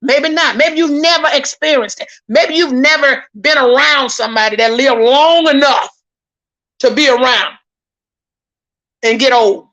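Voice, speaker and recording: High, bright, fired-up woman commentator. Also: unhurried, highs cut off. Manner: indignant, preachy, repeats phrases, addresses viewers as y'all; stammers when worked up. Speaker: YouTube commentator. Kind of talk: heated live-stream commentary.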